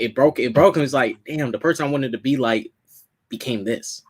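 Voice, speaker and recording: A man's voice: lowish voice, fairly even intonation, fairly quick. A man in casual gaming chat, talking loosely with repeats and informal grammar. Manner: loose, repetitive, says "they was".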